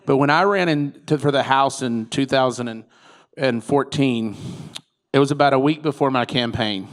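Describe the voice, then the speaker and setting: A man's voice: mid-range voice, moderate pace. A man, a political candidate giving a chatty, joking conference speech. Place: conference room with audience.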